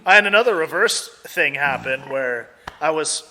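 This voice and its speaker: A young American man telling a story casually as a podcast guest, animated and acting out voices. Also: fairly high pitch, normal speed, in a large hall, a little hiss or hum. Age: young adult. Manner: animated, acts out voices in his stories.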